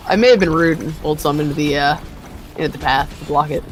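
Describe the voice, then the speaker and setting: A streamer chatting casually with friends during a co-op game, playful and teasing and quick to laugh. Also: medium pitch, slight background noise. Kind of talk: casual gaming chat.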